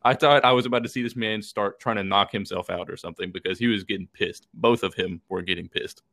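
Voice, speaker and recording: Gravelly-voiced man, rambling podcast chat. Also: on the low side, steady tone, fast talker, a bit bright. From Texas. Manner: rambling storytelling, swears freely, fillers. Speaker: podcast co-host. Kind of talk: casual chat.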